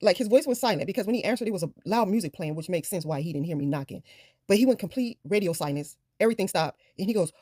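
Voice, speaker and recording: A woman vlogger tells a story in a casual, animated way, jumping into the voices of the people she met. Her tone is mellow and warm, and the sound is close and dry. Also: on the low side, quick pace, dry recording.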